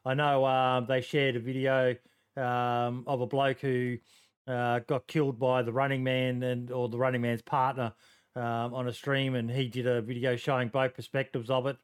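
Casual Aussie male host, smooth tone, stop-start delivery full of fillers. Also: mid-range voice, level tone, normal speed. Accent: Australian. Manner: hesitant, lots of ums, joking. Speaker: podcast host. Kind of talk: casual podcast chat.

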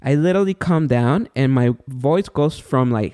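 A man co-hosting a podcast in casual chat, an animated storyteller who acts out the voices of people in his stories. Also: mid-range voice, unhurried. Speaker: podcast co-host.

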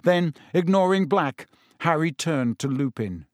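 A man reads an audiobook in a measured, even manner. His voice sits fairly high and moves slowly. The recording is dry and close. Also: no echo. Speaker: audiobook narrator. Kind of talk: scripted narration.

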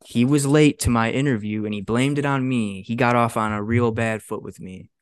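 A young man in his twenties, co-hosting a podcast and telling a story in a casual, animated way, swearing often and acting out what others said. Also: mid-range voice, normal speed, smooth, no echo, studio quality. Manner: animated, swears a lot, acts out quotes. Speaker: podcast co-host.

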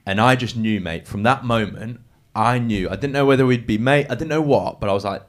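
A man's voice: mid-range voice, a little fast. A man talking earnestly and emotionally in a casual chat, often restarting his sentences. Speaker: guest.

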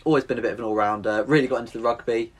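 A man's voice: medium pitch, steady tone, rapid-fire. A man from England telling stories in a casual podcast chat, saying "mate" all the time, with a slightly nasal sound. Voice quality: sometimes sounds a bit nasal, like he has a cold. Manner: chatty, says "mate" constantly, self-mocking. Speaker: podcast guest.

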